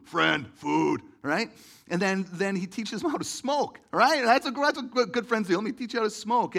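A man's voice: on the high side, a bit bright. A man preaching a conversational sermon, talking casually with many fillers and asking the audience questions. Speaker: pastor.

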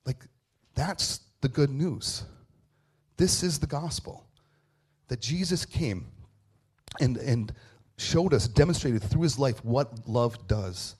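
Guy preaching easter, chatty and animated, laughs as he tells the story. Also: medium pitch, measured pace, husky. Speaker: pastor. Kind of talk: Easter sermon.

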